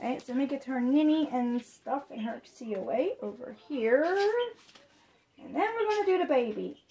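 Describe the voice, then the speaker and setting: A young adult woman vlogging an unboxing, gushing with excited exclamations. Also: high-pitched, moderate pace. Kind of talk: unboxing chat.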